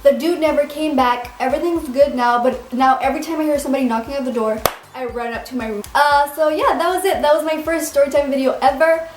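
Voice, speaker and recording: A woman's voice: sits high, fast, slight background noise. A young woman vlogger telling a story dramatically, swearing a lot with many fillers. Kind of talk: storytime vlog. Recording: roomy echo.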